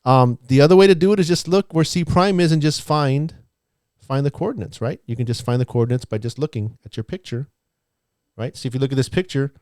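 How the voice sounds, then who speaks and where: Male math teacher for an online lesson, chatty, walks through every step, mid-pitched. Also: brisk, darkish tone, no echo, studio quality. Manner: chatty, walking students through steps aloud.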